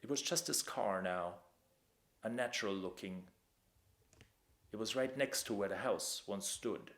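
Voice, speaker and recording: A man reading his own dark story aloud, measured, dropping to a hush at tense moments. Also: on the low side. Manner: measured, with sudden hushed drops. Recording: echoey room.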